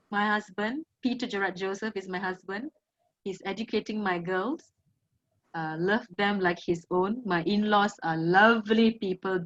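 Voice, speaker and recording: A woman's voice: mid-range voice, fairly bright tone, muffled recording. A woman with a Malaysian English accent, a guest telling of her own past in an emotional, emphatic way, close to tears. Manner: tearful, emphatic storytelling. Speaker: guest, survivor of domestic violence. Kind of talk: emotional personal testimony.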